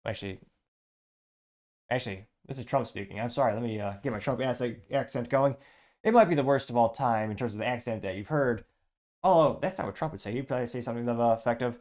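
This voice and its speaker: A man's voice: mid-range voice, a little mellow. Male show host, mid-range voice, casual sarcastic political commentary. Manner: chatty, sarcastic asides, reads quotes.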